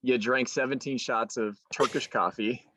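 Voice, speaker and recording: A woman co-hosting a podcast in casual chat, with dry, deadpan jokes. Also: rumbling low, normal speed, a little hiss or hum. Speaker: podcast co-host.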